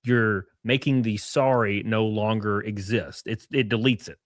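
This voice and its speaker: A male co-host in casual livestream chat, talking in an animated way and often mimicking others' words. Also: fairly low pitch, unhurried, no echo.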